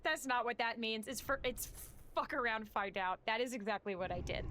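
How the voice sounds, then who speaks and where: A woman's voice: on the high side, normal speed, sharp tone, slight background noise. A woman streaming a game live, chatting casually and reading game text aloud, swearing and joking about herself. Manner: chatty, self-mocking, swearing.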